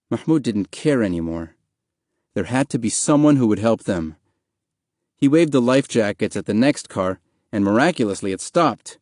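A man narrating an audiobook in a calm, even, measured reading voice. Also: medium pitch, dry recording, clean studio sound.

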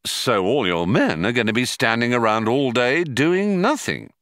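A man's voice: mid-range voice, expressive, normal speed, fairly bright tone, no room sound, clean studio sound, natural voice. A man voicing a sly, clever schemer who talks others round with patient, coaxing persuasion in a storybook reading. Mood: persuasive.

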